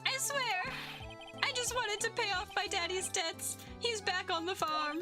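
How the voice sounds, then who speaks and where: A woman voicing a panicked young magician who is a country boy at heart, pleading in a high, quavering put-on Southern accent. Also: measured pace, over music.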